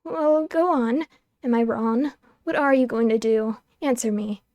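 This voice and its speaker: A stern, berating woman with a mellow, low-toned edge, put on by a female gamer reading the game's lines. She barks demands and scolds without letting up. The voice sounds close and dry. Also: a little slow, no echo, lightly acted. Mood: stern scolding. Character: harsh scolding middle-aged woman.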